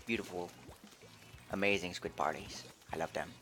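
A man streaming a video game live, chatting playfully and excitedly. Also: low voice, normal speed, vocal fry, soft background music. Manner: playful, excitable, switching between English and French. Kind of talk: casual live-stream commentary.

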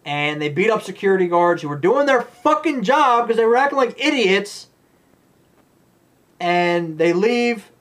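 A man's voice: high-pitched, lively intonation, a little slow, fairly bright tone. A man giving a rambling, blunt, profane movie review rant.

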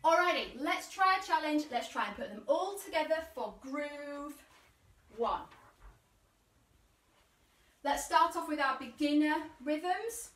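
A woman's voice: high-pitched, expressive, takes it slowly, pauses often, a bit bright. A woman leading an online percussion workshop, chanting rhythm words and counting learners in for call-and-response drumming. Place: room at home, live video session. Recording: roomy, distant live-stream audio.

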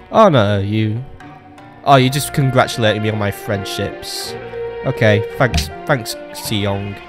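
A man's voice: fairly low pitch, moderate pace. Jokey man narrating his strategy game. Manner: chatty and jokey, talks to game leaders, swears. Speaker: gaming channel host. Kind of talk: casual let's play commentary. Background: game music.

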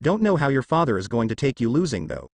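A man's voice: medium pitch, huge pitch swings, fast. A man reading the lines of a brash, cocky teenage boy ninja in a fan fiction story, in nearly his own voice.

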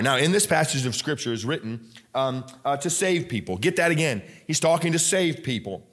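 A man's voice: fairly high pitch, animated, a little fast, a bit bright. A male pastor preaching a sermon in a church, emphatic and conversational, often questioning the congregation directly. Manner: frequent fillers and restarts, conversational.

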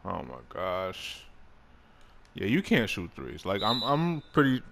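Male gaming creator, low voice, loose excitable play-by-play with swearing. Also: slow pace, creaky, background noise. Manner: excitable, swears, laughs at himself. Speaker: gaming YouTuber. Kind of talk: casual gameplay commentary.

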